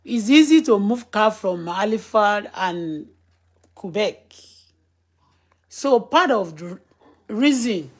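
Nigerian woman vlogger in her thirties, Yoruba accent, loose laughing live-stream chatter, mid-range pitch. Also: expressive, slow, pauses often, husky. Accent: Nigerian, Yoruba-speaking. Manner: chatty, laughs often, reads viewer comments aloud. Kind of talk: casual live-stream chat mixing Yoruba and English.

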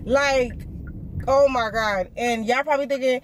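A young woman, chatting casually to her vlog camera, excitable and full of fillers. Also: sits high, unhurried, low-quality recording. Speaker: vlogger.

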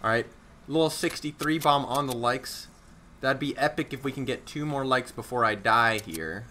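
A man's voice: mid-range voice, normal speed, slight background noise. A young man streaming a shooter game live, chatting casually with viewers, joking at himself and getting worked up at tense moments. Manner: casual, excitable, self-mocking, slangy. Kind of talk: live gameplay commentary.

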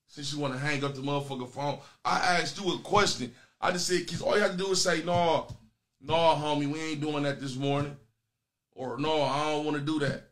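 A man hosting a comedy call-in show, trading crude jokes with callers in a loud, profane, teasing way. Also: fairly high pitch. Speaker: comedy show host taking calls. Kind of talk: crude joking banter with callers.

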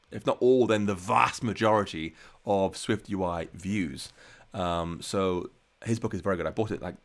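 A man hosting a live coding stream from home, chatting casually and answering viewer questions with plenty of ums. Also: fairly low pitch. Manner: chatty and relaxed, many ums and restarts.

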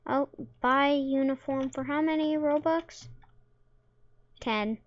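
A woman's voice: sits high, unhurried, lo-fi sound. A woman giving casual, playful gameplay commentary, throwing in silly sound effects and jokes. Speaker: gamer.

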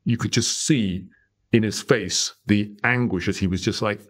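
Middle-aged male podcast guest, low voice, chatty storyteller. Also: moderate pace, breathy edge. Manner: animated storyteller, tags lines with "right?". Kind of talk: conversational storytelling.

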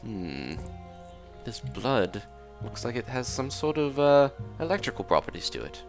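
Playing a pompous detective, a man provides in-character let's play commentary with a fake English accent and a jokey style. He speaks at medium pitch, very animated but a little slow, with faint music behind.

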